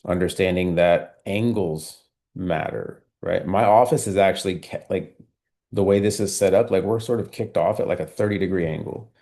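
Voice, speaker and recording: Male sales trainer with a low, dark, gravelly voice; calm, metronome-steady coaching over a video call. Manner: measured, steady pace with frequent "right?" and "like".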